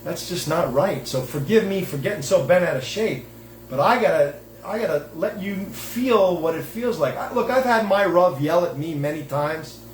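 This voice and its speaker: A man's voice: on the high side, expressive, moderate pace. A man hosting a show as a self-styled rabbi, talking in an emphatic, digressive way with many restarts while reading and commenting. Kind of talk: rambling religious monologue with reading aloud. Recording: echoey room with faint background noise.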